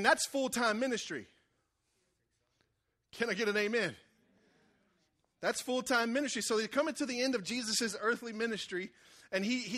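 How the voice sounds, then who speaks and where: A man delivers a sermon in an easy, conversational style. His voice sits high and bright, and he keeps calling out to the congregation for a response. He acts out the people in his stories as he goes. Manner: conversational, call-and-response preaching with acted-out quotes. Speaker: preacher.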